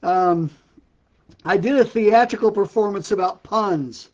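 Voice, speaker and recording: With a high-pitched, slightly mellow voice and a measured pace, an older man hosts a laid-back ministry live stream. He tells puns and laughs at them repeatedly, and his live-stream setup leaves the highs cut off.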